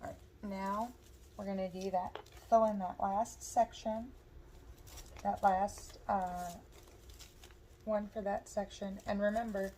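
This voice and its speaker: A woman with a hoarse voice, casually explaining step by step how she makes a wreath as she works. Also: medium pitch, steady tone, slow, long pauses, mellow, slight background noise, poor audio. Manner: chatty, talks while working with her hands. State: hoarse, losing her voice. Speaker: craft tutorial host. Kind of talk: step-by-step crafting instruction.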